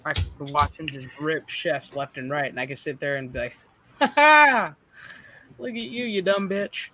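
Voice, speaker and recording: Bright-voiced, profane man chatting. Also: a little high, normal speed, a little hiss or hum. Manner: profane, animated storytelling. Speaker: streamer host. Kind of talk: casual chat.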